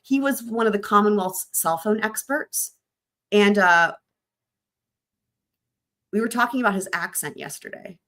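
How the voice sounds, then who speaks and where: A woman's voice: mid-range voice, unhurried, pauses often, fairly bright tone. A woman hosting a true crime live stream, chatting loosely with her viewers in a rambling, casual way.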